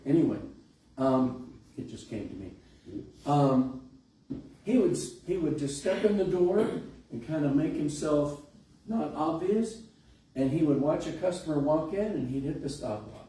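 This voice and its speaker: A man's voice: on the high side, expressive, a little slow, mellow. A middle-aged man pastor telling a folksy, conversational story during a sermon in a large church. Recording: echoey hall, distant mic, faint hiss.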